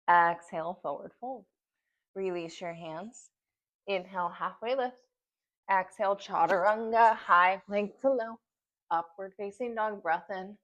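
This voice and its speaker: A woman's voice: mid-range voice, a bit bright, highs cut off. A woman leading a yoga class at home, giving short breath-paced cues while doing the poses and getting out of breath. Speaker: yoga instructor.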